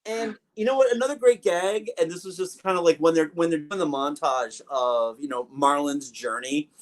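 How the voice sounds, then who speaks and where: A man's voice: fairly high pitch, moderate pace. A man co-hosting a movie podcast in casual chat, rambling and joking through long asides. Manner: rambling, jokey, trails into asides. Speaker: podcast co-host.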